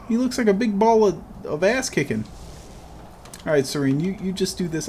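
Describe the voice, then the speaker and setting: A young man giving casual, profane, joking commentary while playing a video game, quick to get frustrated. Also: fairly high pitch, lively intonation, a little mellow. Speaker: gaming video host. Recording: audible background noise.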